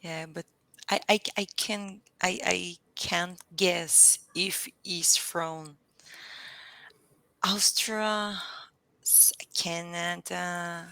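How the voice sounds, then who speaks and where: A woman learning English over a video call, speaking carefully and haltingly, repeating words to practise them. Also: fairly low pitch, fairly even intonation, gravelly, pushed and bright, dry recording, low-quality recording. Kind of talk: casual online lesson.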